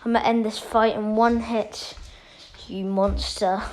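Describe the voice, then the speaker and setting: Girl doing a determined young fighter guy, stern, kinda slow. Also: medium pitch, level tone, a little mellow, slight background noise, lightly acted.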